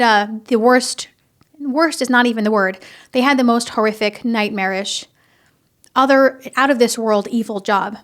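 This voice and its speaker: A young woman hosting a casual, heartfelt podcast, talking earnestly and haltingly, with many restarts and fillers. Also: fairly high pitch, fairly bright tone. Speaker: podcast host. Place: home in Florida.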